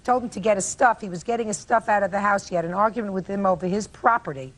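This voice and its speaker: A woman's voice: medium pitch, fast talker. An older woman presiding as a courtroom judge, questioning the parties bluntly and pressing them for answers. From United States.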